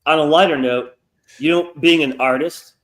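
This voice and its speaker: A man's voice: fairly high pitch, moderate pace, fairly bright tone. A man who is a guest comic artist, getting worked up in a casual talk, swearing often and sounding sarcastic. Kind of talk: heated casual chat.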